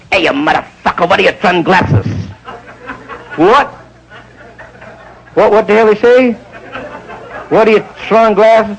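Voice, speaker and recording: A man around forty, doing a rambling stand-up routine in a nightclub and jumping into loud character voices. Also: a little high, low-quality recording. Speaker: stand-up comedian. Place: nightclub stage before a live audience. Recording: faint hiss, old 1960s live recording.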